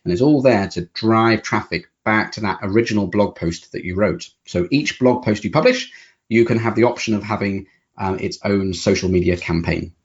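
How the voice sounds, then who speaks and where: Man, from the UK, startup founder, relaxed explainer, muffled lo-fi sound. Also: fairly low pitch, normal speed. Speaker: company founder, guest. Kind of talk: podcast interview.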